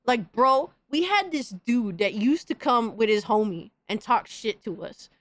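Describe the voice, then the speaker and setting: A woman's voice: a little high, lively intonation, unhurried, a bit bright, dry recording. A woman hosting a podcast, delivering a heated, profane, slang-filled rant in casual commentary. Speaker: podcast host.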